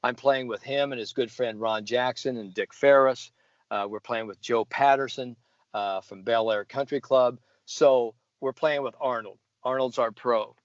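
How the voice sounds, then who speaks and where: A middle-aged American man, a sports psychologist, telling a folksy story with animated asides and laughs. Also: medium pitch, normal speed, no room sound, dull audio. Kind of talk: casual storytelling.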